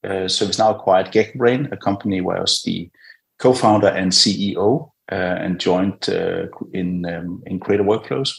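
A middle-aged man with a Danish accent talks as a podcast guest. His voice sits fairly low, and he speaks in a friendly, hesitant way, pausing often as he gathers his words. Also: creaky, low-quality recording. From Denmark. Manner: friendly, hesitant, frequent "uh" pauses. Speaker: podcast guest, product director. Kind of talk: casual interview talk.

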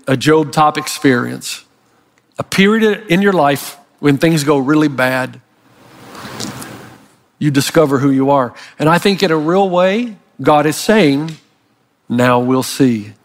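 A male pastor delivering a sermon in an animated, emphatic storytelling manner. His voice sits high for a man. The recording carries a long, ringing hall reverb. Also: unhurried.

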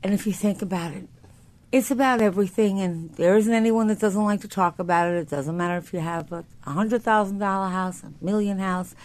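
A woman's voice: medium pitch, fairly quick, darkish tone. A woman hosting a talk radio show from a studio, chatting in an upbeat, rambling way. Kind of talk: casual talk radio chat.

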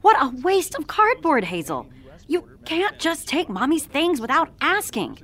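A woman's voice: sits high, big pitch swings, measured pace, a bit bright, full character voice. A woman playing a tired, exasperated mother scolding her child in an audio drama. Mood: stern. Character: stern, stressed mother.

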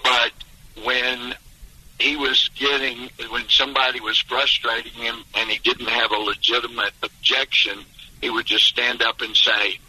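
Forceful husky man, emphatic storyteller. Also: medium pitch, fairly even intonation, normal speed, low-quality recording. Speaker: congressman guest. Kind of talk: phone-in radio interview.

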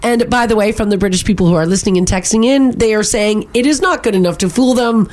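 A woman's voice: on the high side, fast, a little mellow. A woman co-hosting a morning radio show, chatting casually and reading listener texts aloud. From Canada.

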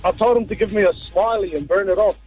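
Rambling caller on a muffled line. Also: male voice, high voice, slightly rough, faint music behind. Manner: rambling, halting storyteller. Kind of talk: casual phone chat.

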